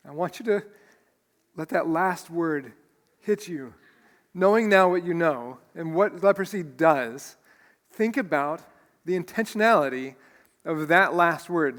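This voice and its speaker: An earnest pastor delivering a heartfelt sermon, his fairly high voice carrying through a church hall with a long reverb trail. He stumbles and restarts as feeling takes over. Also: animated, measured pace, a bit bright. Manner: earnest, emotional preaching with repeated restarts. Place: church sanctuary.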